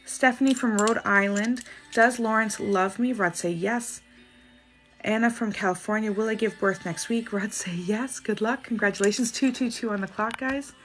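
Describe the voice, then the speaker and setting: A Canadian woman reading viewer questions on a livestream and giving quick answers, with soft apologetic asides. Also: medium pitch, steady tone, soft background music. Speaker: spiritual reader doing live dowsing rod answers.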